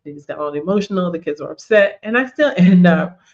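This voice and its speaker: A woman's voice: fairly low pitch, lively intonation, a little fast. A woman hosting and giving a conversational faith teaching, telling personal stories and acting out her own inner dialogue. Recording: dull lo-fi sound.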